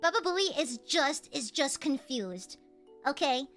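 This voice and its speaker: A woman's voice: high voice, very animated, a little slow, faint music behind. A woman streamer chatting casually and playfully with her chat, a slight Southern accent, and a lingering cough. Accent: slight American Southern. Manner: playful, teasing, bursts into shouting.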